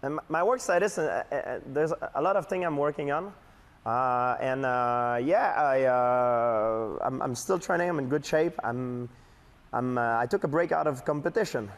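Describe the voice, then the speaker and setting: A man with a French-Canadian accent, a native French speaker, speaking over the phone as a guest, halting with many fillers. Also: medium pitch. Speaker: guest athlete. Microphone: telephone.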